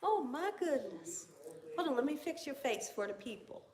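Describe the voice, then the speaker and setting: A woman's voice: high voice, sing-song, normal speed, crowd noise. A woman with a Southern American accent hosting a casual cooking livestream, chatting with viewers and cooing to her dogs. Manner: chatty, reads viewer comments aloud, coos to her dogs. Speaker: cooking channel host.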